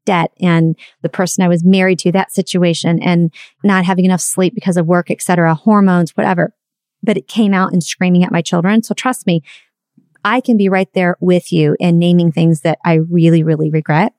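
A woman's voice: fairly low pitch, a little mellow, dry recording, studio quality. A middle-aged woman telling a candid, reflective story about her own parenting in a confessional monologue. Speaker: parenting speaker.

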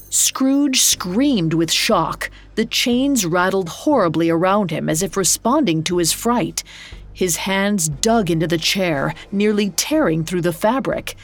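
A woman narrating a story from a script in a measured, dramatic way. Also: fairly low pitch, vocal fry.

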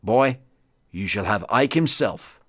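A man's voice: fairly low pitch, animated, takes it slowly, fairly bright tone, voice pushed down, exaggerated voice. A man voicing a brash, friendly American air force colonel who talks in a breezy, slightly tipsy way while reading a war memoir aloud.

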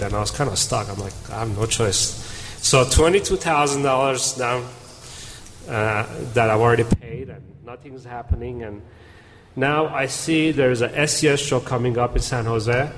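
A man on a conference panel telling a story and acting out the dialogue as he goes. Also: mid-range voice. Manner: animated storyteller, acts out dialogue. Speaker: panel speaker. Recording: reverberant hall, faint room noise.

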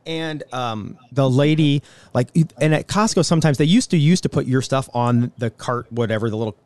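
A man's voice: mid-range voice, normal speed, a little mellow, no echo. A man co-hosting a casual chat show, telling a story with animation and acting out the people he quotes. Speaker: show co-host.

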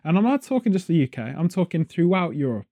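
Fast-talking and sing-song, a British podcast host with a fairly high, warm voice chats casually. He jokes around, rambles and keeps veering off on tangents.

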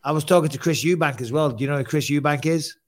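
A man's voice: a little high, fast talker. A man hosting a podcast, talking in a casual, jokey and rambling way. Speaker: podcast host. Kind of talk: casual chat.

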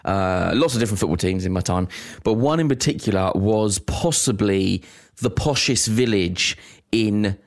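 A man's voice: fairly low pitch, moderate pace. A man, chatting casually and telling stories on a podcast. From England. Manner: chatty, laughs often, tells stories. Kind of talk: casual chat.

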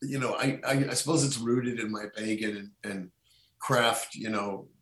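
In an echoey room, a middle-aged podcast guest chats casually, rambling and restarting often with plenty of fillers. He has a fairly low, fairly bright voice with fairly even intonation and a normal pace.

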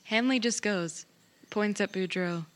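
A woman player describing her character in an unhurried, amused way, with loud clicks behind her. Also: medium pitch. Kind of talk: casual tabletop play.

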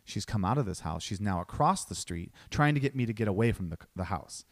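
A man telling a personal story in casual talk, animated and swearing freely as he acts out each voice. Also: fairly low pitch, fairly quick, dry recording.

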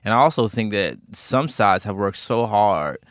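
A man co-hosting a casual podcast conversation, laughing often and searching for words with ums and restarts. His voice is on the low side for a man. The sound is dry and close-miked. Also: expressive, normal speed, a bit bright, no room sound. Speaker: podcast co-host. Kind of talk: casual chat.

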